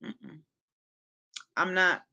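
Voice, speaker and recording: A woman's voice: very slow, sharp tone, lo-fi sound. A woman hosting a casual livestream, talking straight to her chat and scolding viewers in exasperated bursts, with features in her speech. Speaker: livestream host.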